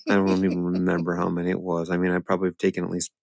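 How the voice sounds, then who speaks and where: A man recounts a story in an exasperated, swearing way. His voice is very deep. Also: monotone, racing, gravelly.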